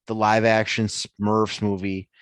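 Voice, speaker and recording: A man's voice: on the low side, flat delivery, slow, no echo. A man co-hosting a sports podcast in casual chat, easygoing and hesitant, with many ums. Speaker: podcast co-host.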